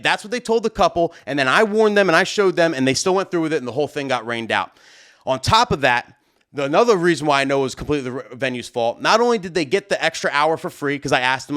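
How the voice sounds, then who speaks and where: A young man, a wedding DJ, telling a heated story in a casual vlog, loud and animated as he acts out both sides of an argument. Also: on the high side.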